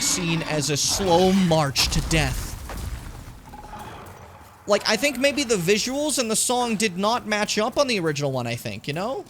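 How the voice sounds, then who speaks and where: A man giving casual, animated commentary while playing a video game, swearing and yelping when things get tense. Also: sits high, a little hiss or hum. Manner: animated, swearing, yelps and pleads when in danger.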